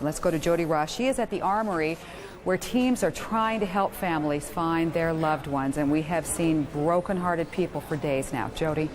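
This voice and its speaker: A woman's voice: deep voice, normal speed, a crowd in the background. A woman anchoring live news coverage, taking calls and reading out phone numbers steadily. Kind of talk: live call-in news hosting.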